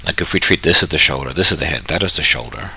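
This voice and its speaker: A man from New Zealand talks through his screen in a casual walkthrough, thinking out loud and cracking jokes at himself. His voice is very deep and gravelly, yet sharp and bright on top. A faint background noise runs beneath him. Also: animated, fast talker. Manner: thinking aloud, self-correcting, jokey. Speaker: trading channel host.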